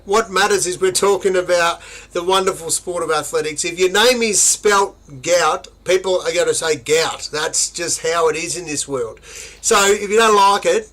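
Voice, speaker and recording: An Australian man co-hosting a podcast in loose, blunt banter, swearing freely and punching out emphatic bursts. His voice sits a touch higher than most men's. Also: normal speed, a bit bright. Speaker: podcast co-host. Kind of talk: casual banter.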